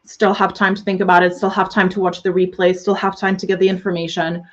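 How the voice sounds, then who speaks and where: A young woman business coach closing a live webinar, gushing and excitable, swearing freely as she greets viewers. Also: lowish voice, fast, highs cut off.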